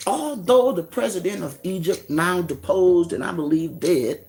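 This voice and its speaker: A man's voice: sits high, measured pace, gravelly, darkish tone, soft background music. A man giving a profane, mocking preaching rant in street slang, firing off rhetorical questions. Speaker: religious commentator.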